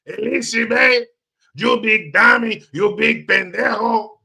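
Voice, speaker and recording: A man playing a cranky old man who hollers gruff insults at his wife. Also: extremely high pitch, takes it slowly, bright, forceful tone, voice pushed up, full character voice. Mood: hollering.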